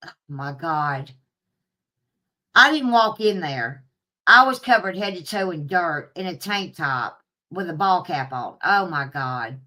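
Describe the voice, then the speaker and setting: A woman telling a story to her viewers in a casual, animated way, swearing freely and laughing at herself. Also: fairly low pitch, unhurried. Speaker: streamer talking to live chat.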